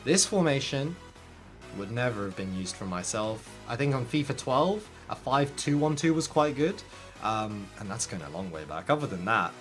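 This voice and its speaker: A man gives casual gaming tips straight to his viewers. His voice sits at an ordinary middle pitch and he talks in a lively, animated way. Faint music plays underneath. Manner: animated, addresses viewers directly. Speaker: gaming content creator. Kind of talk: casual tips talk to camera.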